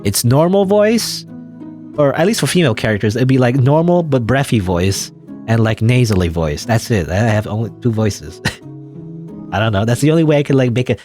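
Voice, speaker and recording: A young man casually rambling through a game, self-deprecating and quick to laugh. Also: medium pitch, big pitch swings, darkish tone, soft background music. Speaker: let's play gamer. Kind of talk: casual gameplay commentary.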